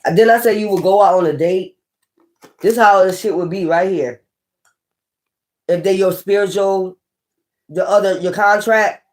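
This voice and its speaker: A woman's voice: fairly low pitch, a little mellow. Blunt, profane woman tarot reader. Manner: repetitive, emphatic. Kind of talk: casual tarot reading rant.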